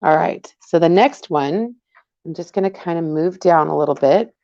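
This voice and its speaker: A woman with hiccups leads a casual live craft tutorial, chatting and greeting viewers by name while she works. Her voice is on the low side and darkish, at a normal speed. The livestream audio is dull and lo-fi.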